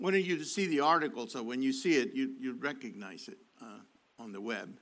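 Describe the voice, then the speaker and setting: The preacher here has a medium-pitched, brisk, slightly bright voice. He reads his sermon from an online article, with many restarts and emphatic repetition of key phrases.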